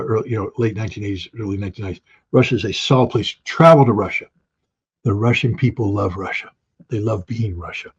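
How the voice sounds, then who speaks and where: In lo-fi, dull audio with the high frequencies seemingly shaved off, a guest commentator delivers opinionated interview talk. His husky, slightly rough voice is a little mellow, and he's blunt and emphatic, tossing out rhetorical questions between punchy stresses and quick asides.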